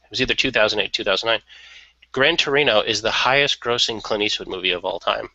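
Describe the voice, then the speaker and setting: A man's voice: fairly low pitch, quick pace, vocal fry, bright, forceful tone, dry recording, dull audio. A man chatting casually and giving opinions on a radio talk show, often laughing.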